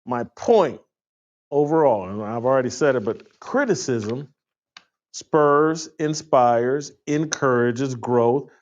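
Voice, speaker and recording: A man hosting a casual panel talk, lecturing in a preachy way. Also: fairly high pitch. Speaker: host. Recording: dull lo-fi sound.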